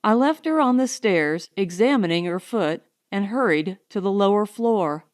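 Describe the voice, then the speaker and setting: A woman narrating a novel as an audiobook in a measured, expressive way. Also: medium pitch.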